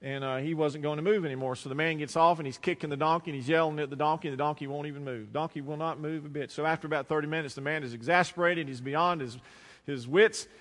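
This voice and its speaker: Southern preacher in a reverberant hall. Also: male voice, on the high side, fairly even intonation. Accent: Southern American. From American South. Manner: storytelling preacher, slows and drops to a hush for emphasis. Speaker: pastor. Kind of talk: sermon. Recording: long reverb of a large hall.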